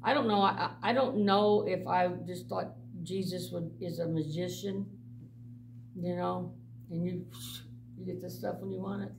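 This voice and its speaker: A middle-aged woman, a mission director, gives personal testimony to a church group, telling blunt, animated stories and laughing often. Her gravelly, creaky voice is fairly low, at a moderate pace. The mic sat some way off, leaving faint noise underneath.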